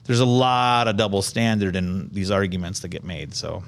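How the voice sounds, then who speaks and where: A man from Iowa hosting a podcast, talking casually in an animated, rambling, opinionated way. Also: low voice, moderate pace. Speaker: podcast host. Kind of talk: casual chat.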